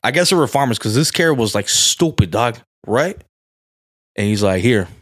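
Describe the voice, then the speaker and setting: A man's voice: mid-range voice, lively intonation, normal speed, fairly bright tone, slightly rough, dry recording, studio quality. A man co-hosting a podcast in casual, crude chat, telling a story full of slang and calling people "dog" and "bro.". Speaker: podcast co-host.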